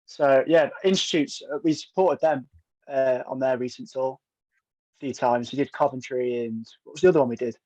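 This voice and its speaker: A man's voice: medium pitch, moderate pace, darkish tone, dry recording. A young man from a band, chatting casually in an interview and telling stories. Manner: chatty storyteller, uses local slang. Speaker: band member guest. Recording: dry, slightly dull sound.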